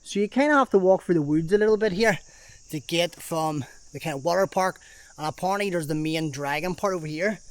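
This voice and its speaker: Chatty, slightly high-voiced male vlogger. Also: a little fast. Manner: chatty, swears freely, thinks aloud with exclamations. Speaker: travel vlogger. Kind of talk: casual walking vlog commentary. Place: outdoors in an abandoned water park.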